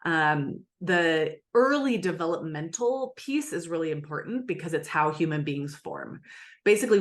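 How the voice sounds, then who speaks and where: A woman with a fairly low voice talks through ideas in an earnest, teacherly way. She slips into short acted-out example lines as she explains. The delivery is relaxed interview conversation. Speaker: attachment expert guest.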